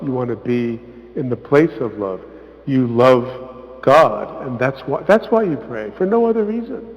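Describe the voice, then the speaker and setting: A man, a visiting priest, giving an informal parish talk, conversational and often asking "right?", acting out quotes with lively emphasis. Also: medium pitch. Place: church hall. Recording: echoey church hall, muffled sound.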